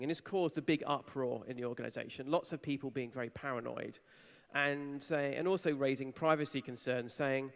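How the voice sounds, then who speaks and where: A man's voice: medium pitch, fairly even intonation, a little fast, vocal fry, fairly bright tone. A man giving a conference talk, telling a story with animation and acting out the people he quotes. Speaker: conference speaker. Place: large conference hall. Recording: reverberant hall.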